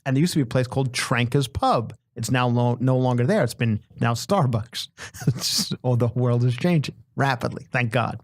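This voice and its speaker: A man hosting a comedy podcast, telling a long story in an animated, self-mocking way that often repeats itself. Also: medium pitch, moderate pace, no echo. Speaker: podcast host.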